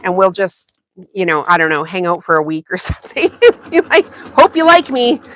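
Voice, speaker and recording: Bright, chatty woman hosting a sewing livestream. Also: lowish voice, sing-song, a little fast, slight background noise. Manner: chatty, laughs often, greets viewers. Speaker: sewing channel host. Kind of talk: casual livestream chat while sewing.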